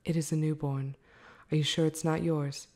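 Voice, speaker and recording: A woman in a whispered role-play voicing a commanding wild man in a wolfskin cloak, stern and authoritative, in a low, mellow voice. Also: little pitch movement, moderate pace.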